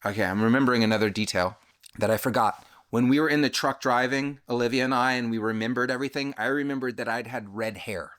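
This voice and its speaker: A man's voice: mid-range voice, fast talker, fairly bright tone. A man telling a personal story in a candid, confessional, self-reflective way, often stopping to correct and restart himself. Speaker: channel host telling his own story.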